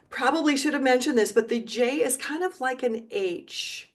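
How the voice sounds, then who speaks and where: A middle-aged woman teaching a video lesson, encouraging and repeating words slowly for learners, now and then singing along. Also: sits high. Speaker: Spanish teacher.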